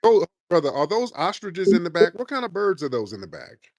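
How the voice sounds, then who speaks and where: Brash, animated male chat host. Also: sits high, brisk, no room sound. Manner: brash, sarcastic, curses freely. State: lingering cough. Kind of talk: live audio chat room, taking callers.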